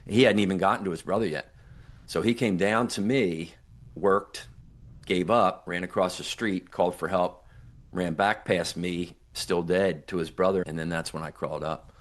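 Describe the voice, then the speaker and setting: A man's voice: deep voice, steady tone, normal speed. An older man, a guest on an interview podcast, earnestly retelling a near-death story and voicing the people in it. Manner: earnest, reflective, retells dialogue with emphatic quotes.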